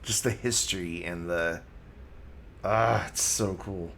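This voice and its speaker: A man streaming a video game, giving relaxed, chatty commentary and thinking aloud as he plays. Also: sits low, takes it slowly, vocal fry, slight background noise. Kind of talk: casual gameplay commentary. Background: game music.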